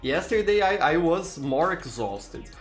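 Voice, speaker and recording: A man's voice: a little high, a little slow, soft background music. A tired man from Brazil with a Brazilian accent, chatting casually as a live streamer and greeting viewers by name. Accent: Brazilian Portuguese. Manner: greets viewers by name, frequent restarts, relaxed.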